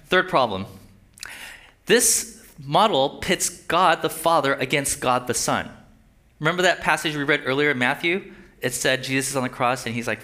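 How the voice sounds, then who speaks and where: A man's voice: on the high side, sharp tone. A man preaching a sermon, reading scripture aloud with rising emphasis and often asking his listeners "right?". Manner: asks the audience "right?" and "Amen?". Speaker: pastor.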